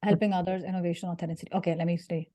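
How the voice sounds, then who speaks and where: A woman from India leading an interactive career workshop, lively and jokey, putting questions to her audience. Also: fairly low pitch, very fast. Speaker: career speaker.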